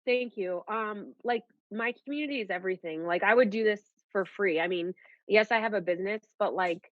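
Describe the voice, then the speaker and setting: A young woman and nurse, telling her story in a casual, animated way and saying "like" often. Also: medium pitch, moderate pace, no room sound. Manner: animated, peppers speech with "like". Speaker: nurse guest. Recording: dull lo-fi audio.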